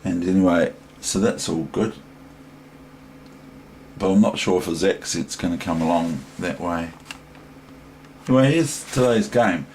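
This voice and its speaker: New Zealand man, low voice, unhurried, rambling chess tutor walking through a game. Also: a little mellow, a little hiss or hum. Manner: rambling, digressive, thinking aloud. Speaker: chess teacher. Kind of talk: casual chess lesson.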